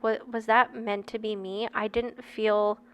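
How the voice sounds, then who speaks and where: A woman in her thirties with a fairly high voice reads a book aloud to her viewers. She breaks off often to share candid, chatty personal asides, talking straight to her audience. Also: flat delivery, unhurried, a bit bright, clean tone. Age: 30s.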